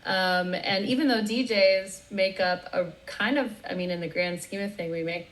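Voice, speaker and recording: A woman DJ as a guest in a casual interview, talking in a relaxed, rambling way. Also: medium pitch, normal speed, low-quality recording. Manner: relaxed, rambling, lots of you knows and likes.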